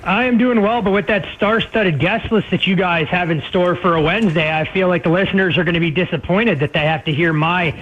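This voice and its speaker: A man's voice: high voice, fairly even intonation. A man with a nasal voice, a weekly guest analyst breaking down sports betting markets on talk radio. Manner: fast, detailed analytical talk. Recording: dull lo-fi line with faint noise.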